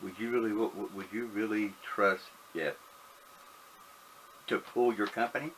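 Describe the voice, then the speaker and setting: Man co-host, bright tense voice, stammers. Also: fairly low pitch, steady tone, moderate pace, a little hiss or hum, poor audio. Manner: stammering restarts, swearing. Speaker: podcast co-host. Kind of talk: casual wrestling chat.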